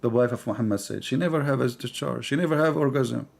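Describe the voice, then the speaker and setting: A man hosting a live stream, talking in a mocking, animated way with sudden drops to a mutter. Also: mid-range voice, fast talker, gravelly.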